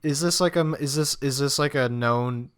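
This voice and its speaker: A young man from Mexico hosts a casual podcast conversation. His voice is smooth and clear, and he stumbles through restarts and repeated words. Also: mid-range voice, fairly bright tone. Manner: hesitant, restarts often, quick laughs. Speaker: podcast host. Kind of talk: casual chat.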